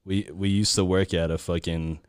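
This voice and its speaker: A man's voice: deep voice, little pitch movement, normal speed, smooth. A man hosting a podcast in casual chat, loose and profane, with hesitant fillers. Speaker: podcast host.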